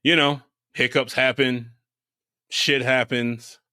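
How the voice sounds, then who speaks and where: A man's voice: mid-range voice, level tone, slow pace, bright, forceful tone, clear, resonant tone, dry recording. A man co-hosting a podcast in casual chat, laid-back, swearing freely and laughing often, on a close dry mic. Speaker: podcast co-host.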